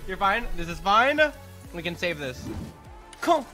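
A woman calling out plays to her teammate while gaming, excitable and quick. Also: on the low side. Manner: excitable, giving quick callouts. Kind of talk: casual gameplay callouts. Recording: game music behind.

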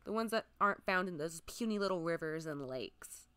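Bright, crisp-voiced young woman streamer. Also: on the low side, expressive, moderate pace, dry recording. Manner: chatty, lists items aloud, drifts into soft near-whispers. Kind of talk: casual gameplay commentary.

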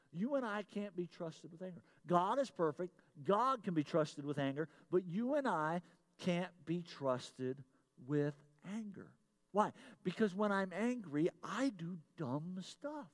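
A middle-aged man with a high voice delivers a sermon as pastor. He moves from loud, emphatic lines to hushed, confiding remarks and keeps returning to his key phrases.

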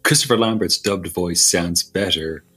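A man's voice: low voice, normal speed, pushed and bright, breathy edge. A man, rambling and laughing through a casual film commentary. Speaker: podcast guest. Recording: faint music behind.

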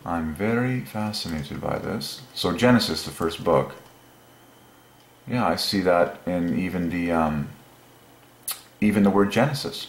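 Deep-voiced man musing with many fillers. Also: a little slow, reverberant. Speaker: channel host. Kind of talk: thinking-aloud explanation.

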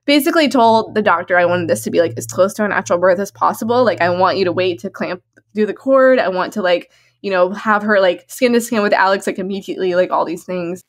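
A woman telling a personal story in a casual, chatty way, laughing often and filling her talk with "like", her voice jumping up high when she gets excited. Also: quick pace. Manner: animated, swings into high excited tones. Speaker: guest sharing her birth story.

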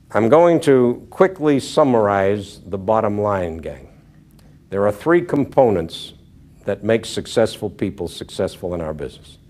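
A man giving a motivational sales talk to a live audience, telling stories earnestly and dropping his voice for emphasis. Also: fairly low pitch. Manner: storytelling, earnest, drops to hushed tones for emphasis. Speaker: motivational speaker.

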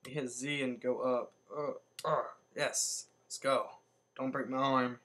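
A man giving casual, excitable commentary while playing a video game, jumping up in pitch whenever he survives. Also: slow pace. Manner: excitable, yelps upward when surviving. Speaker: let's play gamer.

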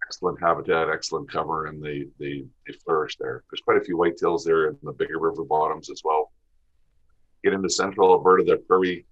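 A man's voice: rumbling low, fairly bright tone. A man from Western Canada with a Canadian accent, a podcast guest talking about hunting in a plainspoken way. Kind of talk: casual interview talk. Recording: dull lo-fi audio.

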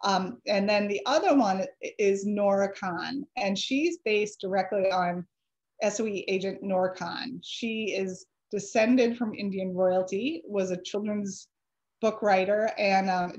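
A woman author giving a chatty slide presentation, pausing with ums and correcting herself, her voice a little dry from allergies. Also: medium pitch, a little mellow, dull audio. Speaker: author giving a library talk.

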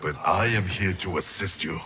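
An actor playing a solemn male ninja warrior in a video game, speaking in a measured, formal way. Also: sits low, bright, forceful tone, slight background noise. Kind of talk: video game cutscene voice acting.

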